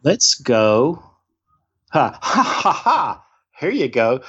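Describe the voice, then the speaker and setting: A man's voice: medium pitch, very animated, very slow, a bit bright, breathy edge, muffled recording. A man as a guest on a podcast, joking and thinking aloud in casual chat.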